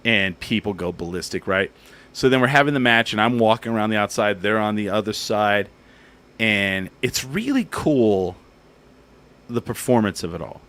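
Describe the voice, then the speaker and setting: A man hosting a casual comedy talk show, telling an animated story and acting out what people said. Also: lowish voice, moderate pace. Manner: animated storyteller, acts out quotes. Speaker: podcast host and comedian.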